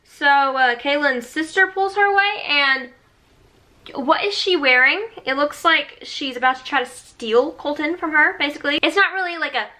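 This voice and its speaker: A young woman with a lofty, bright voice talks casually to her viewers and recaps a reality show episode. She sounds chatty and sarcastic, with a streak of mock enthusiasm. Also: high voice, moderate pace.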